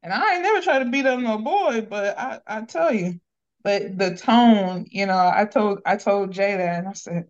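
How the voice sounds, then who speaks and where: A woman's voice: mid-range voice, animated, moderate pace, dull audio. A woman chatting on a podcast, retelling a story playfully with quoted voices. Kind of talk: casual chat.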